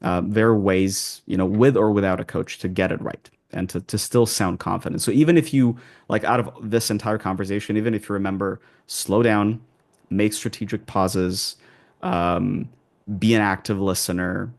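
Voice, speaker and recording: Low gravelly-voiced man coaching accents. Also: steady tone, normal speed. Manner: rambling, many restarts and fillers. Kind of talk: casual interview answers.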